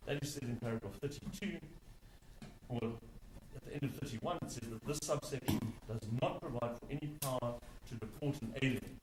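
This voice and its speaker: A man's voice: mid-range voice, a little fast, darkish tone, roomy sound, a little hiss or hum, poor audio. A man arguing a case in court as an advocate, stressing key words by repeating them. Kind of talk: courtroom legal argument.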